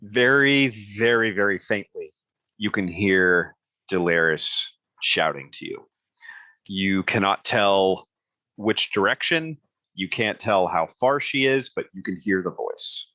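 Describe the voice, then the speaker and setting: A man runs a tabletop game as game master, relaxed and prone to chuckling, with plenty of "uh"s between rulings. His voice sits low yet sounds forceful and bright. The audio is dull and lo-fi. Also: takes it slowly, dry recording. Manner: easygoing, chuckles often, many "uh"s.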